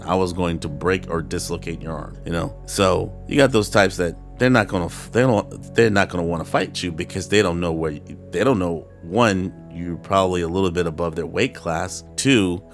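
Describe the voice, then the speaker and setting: Deep gravelly man telling a story. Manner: profane, animated storytelling with laughs and restarts. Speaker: podcast host telling a personal story. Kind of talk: casual storytelling monologue.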